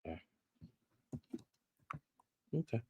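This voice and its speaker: A man giving a sassy, casual recap of a reality show, talking back to what happened on screen, drawling some words and rushing others. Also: dark tone, dry recording.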